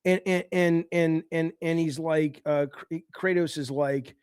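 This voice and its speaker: A man's voice: a little high, measured pace, few pauses, a little mellow, smooth, no echo, studio quality. A man co-hosting a podcast in casual chat, ranting animatedly with lots of swearing. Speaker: podcast co-host.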